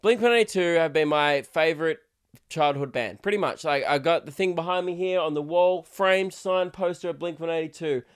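A man's voice: a little high, moderate pace, clean tone. Crude rambling podcast man. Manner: crude, rambling, laughs a lot. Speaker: podcast host. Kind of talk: casual solo podcast rant.

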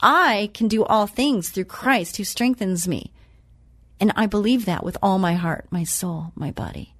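Woman, motivational speaker, slow emphatic scripture quotes, chatty asides, dry close sound. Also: mid-range voice, fairly bright tone, dry recording. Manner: chatty and personal, tells anecdotes. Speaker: self-empowerment speaker. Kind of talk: motivational talk.

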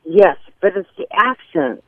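A woman's voice: lowish voice, expressive, measured pace, no room sound. A woman calling in to a radio show, airing a grievance in a hesitant, rambling way full of fillers. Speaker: caller. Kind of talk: call-in radio complaint. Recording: tinny phone line.

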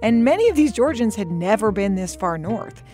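A woman's voice: mid-range voice, sing-song, moderate pace, dark tone, faint music behind. A woman hosting and narrating a documentary podcast in a wry, conversational tone. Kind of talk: scripted narration.

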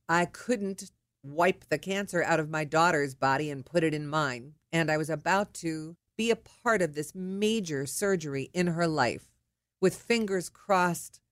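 A middle-aged woman telling a personal story in a lively, indignant way. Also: lowish voice, no echo, studio quality. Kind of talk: personal anecdote.

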